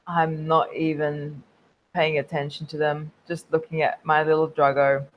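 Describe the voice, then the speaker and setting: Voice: mid-range voice, little pitch movement, a little slow, lo-fi sound, slight background noise. Laid-back tabletop player. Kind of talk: casual tabletop play.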